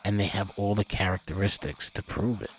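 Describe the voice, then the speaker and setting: A man hosting a homemade news commentary show, rambling, swearing and laughing, with his voice swinging from low mumbles up to loud outbursts. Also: steady tone, brisk, lo-fi sound, soft background music. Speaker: host of an amateur online news show.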